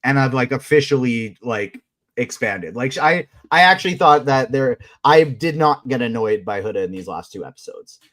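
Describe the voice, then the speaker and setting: A man's voice: medium pitch, animated, normal speed, fairly bright tone. A man co-hosting a live fan podcast, chatting casually in a self-amused way with stumbling restarts. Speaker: podcast co-host. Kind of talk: casual recap chat.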